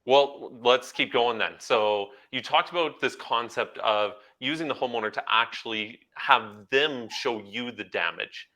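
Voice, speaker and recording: A man hosting an interview who asks curious follow-up questions in a relaxed tone. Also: mid-range voice, unhurried, few pauses. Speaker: interview host. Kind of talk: casual interview.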